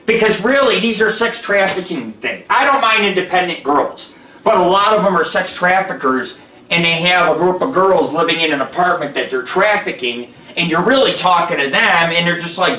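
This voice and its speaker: Profane rambling man, bright and echoey. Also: high-pitched, expressive, normal speed, recorded from a distance. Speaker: show host. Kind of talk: rambling live cooking show chat. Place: home kitchen. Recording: roomy echo, off-mic.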